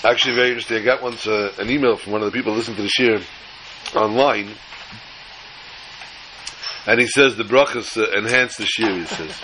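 A man's voice: on the low side, fairly even intonation, fairly quick, long pauses, noisy background. A man teaching a Torah class, telling a long joke in a chatty, joking way and often repeating words. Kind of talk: storytelling lecture.

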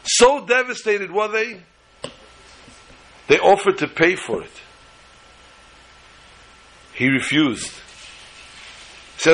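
A male storyteller with a fairly high, bright and forceful voice and a husky texture. He tells the tale with lively repetition and builds momentum as he goes. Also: takes it slowly, long pauses. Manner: animated, repetitive phrasing. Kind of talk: oral storytelling.

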